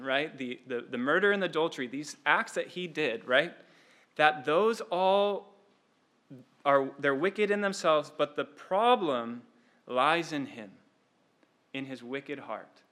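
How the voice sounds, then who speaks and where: A man's voice: on the high side, lively intonation, slow, a bit bright. A man preaching an expository sermon, earnest, often repeating words and tossing in "like" and "right?".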